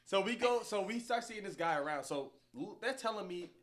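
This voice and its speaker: A man's voice: high-pitched, brisk. A man co-hosting a podcast, telling a story in casual chat and acting out what people said, often laughing. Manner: animated, laughing storyteller who acts out quotes. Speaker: podcast co-host.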